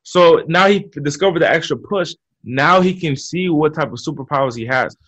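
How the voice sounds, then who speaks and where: A man with a somewhat high voice speaks with coaching energy, circling back and repeating himself as he builds his point. The sound is dull and lo-fi, like a muffled podcast feed. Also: moderate pace, a bit bright. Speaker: guest. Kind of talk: motivational interview talk. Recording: muffled lo-fi audio.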